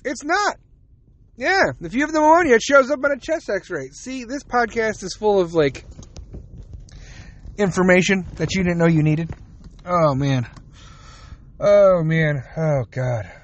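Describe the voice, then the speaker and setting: A man's voice: high-pitched, lively intonation, unhurried, pauses often. A man hosting a casual solo podcast, rambling and swearing as he retells conversations, tired and yawning. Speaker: podcast host.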